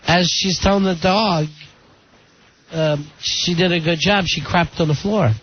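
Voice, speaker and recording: A man's voice: high voice, fairly even intonation, measured pace, breathy edge. A man hosting a radio talk show, chatting casually and telling stories. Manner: chatty, storytelling. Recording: dull lo-fi radio broadcast with faint noise.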